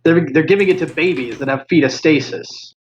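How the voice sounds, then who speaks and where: A man's voice: on the high side, expressive, a little fast. A man playing a tabletop game, terse and decisive, narrating what his character does. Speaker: player. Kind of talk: casual tabletop role-play. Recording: dull lo-fi mic with faint noise.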